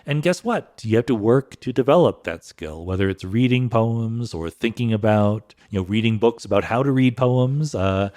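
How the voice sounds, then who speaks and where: A man's voice: fairly low pitch, lively intonation, moderate pace, hardly any pauses, dark tone. A middle-aged man hosting a solo podcast, answering listener questions in a thoughtful, conversational way with frequent fillers.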